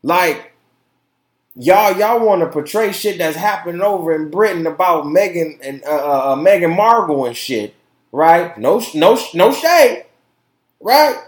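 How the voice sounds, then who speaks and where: A man hosting his own podcast, talking in an impassioned, profane way, repeating words and swinging from loud outbursts to quiet asides. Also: fairly high pitch, lively intonation, moderate pace, echoey room. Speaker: podcast host. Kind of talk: casual opinion podcast monologue.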